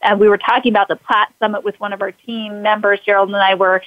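A woman's voice: mid-range voice, flat delivery, fast, no room sound. Woman host, muffled dry recording. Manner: personal storytelling with frequent fillers and restarts. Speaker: podcast host. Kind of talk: conversational interview.

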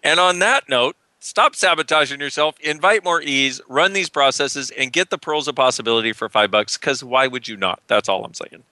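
A man's voice: medium pitch, moderate pace, hardly any pauses, pushed and bright, no echo. A man co-hosting a call-in radio show, chatting in a playful, teasing way. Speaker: co-host. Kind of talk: casual radio chat.

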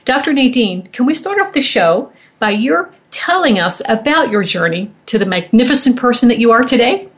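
A woman radio show host in a measured, admiring tone, reading a prepared introduction for her guest. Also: a little high, animated. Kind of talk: scripted interview introduction.

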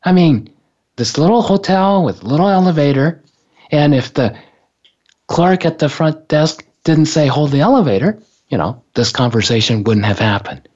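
A man's voice: on the high side, expressive, normal speed, a little mellow. A man casually telling a personal story in a rambling, hesitant way, often stopping and restarting. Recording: dull lo-fi recording.

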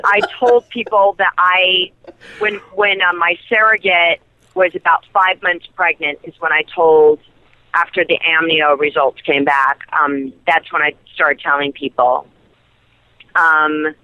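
Bright, animated woman telling stories. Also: measured pace, no room sound, highs cut off. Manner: animated, laughing storyteller with big pitch jumps. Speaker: interview guest, soap actress. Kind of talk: casual interview chat.

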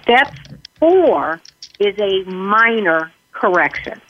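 Woman guest expert, calm step-by-step explainer, phone-line audio. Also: mid-range voice, takes it slowly, a little hiss or hum. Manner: calm, explains in numbered steps, acts out sample dialogue. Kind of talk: interview answers. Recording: tinny phone-line sound.

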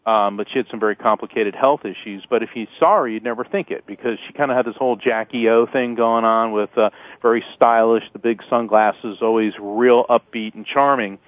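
A man spins animated stories as an interview guest, chuckling along the way. His voice is thin and phone-like, and the sound is dry. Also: medium pitch, brisk, few pauses, no echo. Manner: animated anecdotes, chuckling often. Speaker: guest, lawyer and psychic author. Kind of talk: storytelling interview talk.

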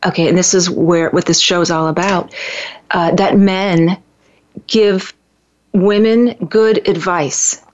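A woman's voice: fairly low pitch, steady tone. Chatty woman co-host, lo-fi. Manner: chatty, teasing, quick bursts. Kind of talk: casual chat.

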